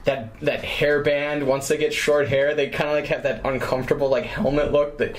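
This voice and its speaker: A man's voice: mid-range voice, level tone, moderate pace. Young man, podcast co-host, offhand joking banter. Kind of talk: casual chat.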